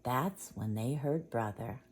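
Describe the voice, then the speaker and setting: A woman reading a storybook aloud at bedtime, soft and gentle. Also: very deep voice, expressive, slow, a little hiss or hum.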